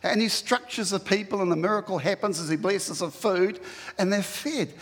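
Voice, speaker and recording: A man's voice: high voice, normal speed, husky, big-room sound. A man preaching a sermon to his church, conversational and emphatic, often acting out what people say. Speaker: pastor.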